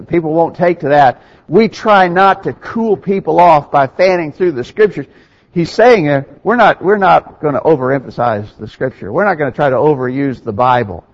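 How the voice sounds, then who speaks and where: A man's voice: on the high side, highs cut off. A man preaching a sermon in an earnest, emphatic way, with conversational asides to the congregation.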